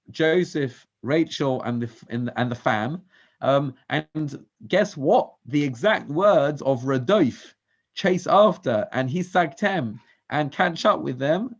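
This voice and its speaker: On a dull, lo-fi recording from a synagogue class, a Torah teacher with a fairly high, gravelly voice quizzes his students with questions, weaving Hebrew verses into English.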